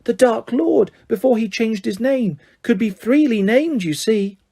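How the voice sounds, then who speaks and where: Small male house-elf: shrill, excitable, third-person speech, very high. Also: unhurried, gravelly, husky, heavily acted. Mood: earnest. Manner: shrill, squeaky, speaks of himself in third person.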